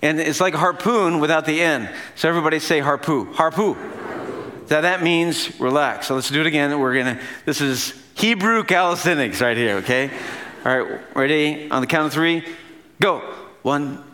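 A man's voice: a little high, sharp tone, a little hiss or hum. Playful man preaching a casual sermon. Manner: casual, playful teaching with laughs. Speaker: pastor.

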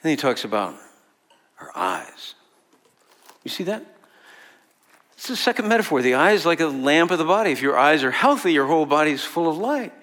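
A man's voice: a little high, big pitch swings, normal speed, long pauses, a bit bright. A man preaching a sermon to a room of people in a conversational way, asking the audience questions and laughing often. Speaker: pastor.

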